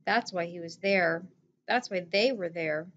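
A woman narrating a novel in a steady, plain storytelling voice. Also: lowish voice, unhurried, lo-fi sound, a little hiss or hum. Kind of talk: audiobook narration.

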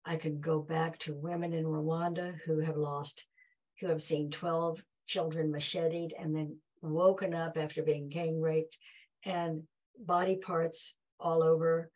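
A woman's voice: deep voice, flat delivery, a little slow, a little mellow, lo-fi sound. A woman giving a heartfelt talk to an audience, telling stories and acting out quoted dialogue. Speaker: guest speaker.

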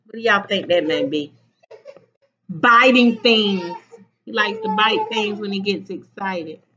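A woman, a teacher, reading a picture book aloud to children at home on a webcam, pausing to ask them questions. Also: medium pitch, noisy background. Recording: slightly dull webcam audio.

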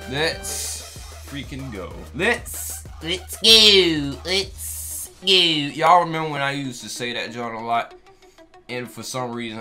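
Young man, gaming commentary, slangy and profane, swinging pitch, bright edgy voice, faint music behind. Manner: loud, excitable, yells at the game; swears freely, slangy. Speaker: gaming YouTuber. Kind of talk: casual gameplay commentary.

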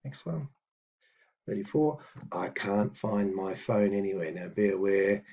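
Teaching a language on video, a man with a lowish, mellow voice and lively intonation explains patiently, filling his speech with fillers and reading example phrases slowly. The audio is dull.

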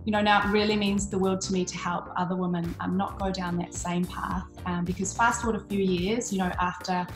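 A woman's voice: fairly low pitch, steady tone, a little fast, hardly any pauses, roomy sound, over music, poor audio. A tired woman giving a casual health talk, chatty and full of ums and restarts. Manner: uses 'bloody' as an intensifier. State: tired from little sleep. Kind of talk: casual presentation.

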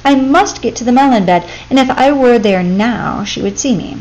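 A woman's voice: a little high, moderate pace, darkish tone, highs cut off, lightly acted. A woman voicing a brave, boastful young male mongoose who issues eager, defiant challenges in a storybook. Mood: scheming.

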